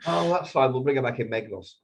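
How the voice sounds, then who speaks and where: A man's voice: mid-range voice, lively intonation, quick pace, vocal fry. A man co-hosting a podcast, chatting casually and jokily, often trailing off mid-sentence. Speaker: podcast co-host. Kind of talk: casual chat.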